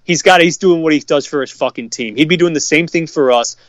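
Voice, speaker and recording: A man's voice: fairly high pitch, fairly quick, no echo. A man co-hosting a sports podcast, ranting heatedly and swearing constantly about fans who complain. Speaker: podcast co-host. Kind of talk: profane sports rant.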